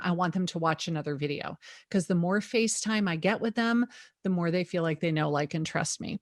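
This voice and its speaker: A middle-aged woman, a real estate agent, speaking as an interview guest in a lively, emphatic way, with sarcastic asides. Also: mid-range voice, dry recording, studio quality. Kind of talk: energetic interview talk.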